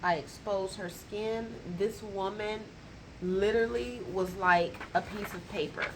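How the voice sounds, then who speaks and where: A woman's voice: medium pitch, fairly even intonation, unhurried, background noise. A woman who works as a colon hydrotherapist tells a client story in a colloquial, emphatic way and acts out the dialogue. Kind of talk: storytelling to camera.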